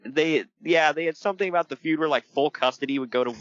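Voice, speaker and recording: A man chatting casually on a podcast about wrestling, laughing often and acting out quotes in a high voice. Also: fast, fairly bright tone, dry recording, lo-fi sound. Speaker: podcast host.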